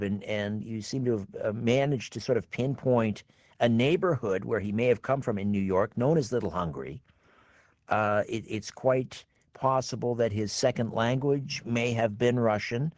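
A man interviewing a guest, measured and curious. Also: mid-range voice, a little mellow, no room sound, clean studio sound. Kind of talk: interview questions.

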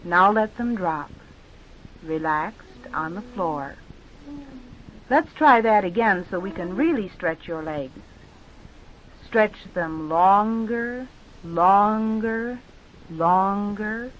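A woman guides children through stretches and face games, stretching out her words in a calm, patient way. Her pace is very slow and her pitch sits in the middle range. The recording sounds muffled and lo-fi. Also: a little hiss or hum. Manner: slow, patient, drawn-out instructions. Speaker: teacher leading a children's exercise. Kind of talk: guided movement and speech exercises for children. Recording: dull lo-fi recording.

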